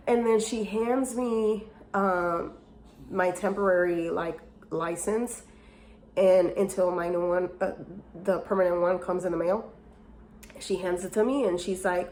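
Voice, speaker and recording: A woman casually telling a personal story to her viewers, animated and openly emotional, with many fillers and restarts. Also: mid-range voice, a little slow. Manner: openly emotional and self-encouraging. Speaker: vlogger telling a life story.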